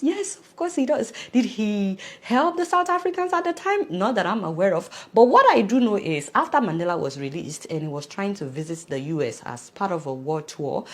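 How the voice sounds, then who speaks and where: A woman commentating on the news in a casual video, animated and talking directly to her viewers. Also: medium pitch.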